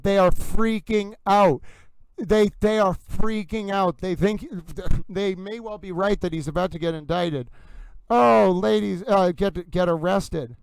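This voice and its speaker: A man hosting a live commentary stream, excitedly reacting in real time and constantly addressing his viewers as "ladies and gentlemen.". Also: high-pitched, creaky, dry recording, low-quality recording. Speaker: livestream host.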